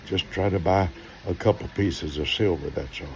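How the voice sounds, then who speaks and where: Low-voiced older pastor telling stories. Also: male voice, moderate pace, a little hiss or hum. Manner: animated, acts out dialogue in stories. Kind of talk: sermon-style storytelling.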